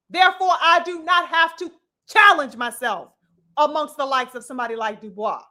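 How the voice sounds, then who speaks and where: A woman with a high, pushed, bright voice speaks at normal speed, hosting a boxing commentary vlog. Her opinionated rant is preachy and mocking, packed with blunt, profane rhetorical questions and appeals to her brothers and sisters.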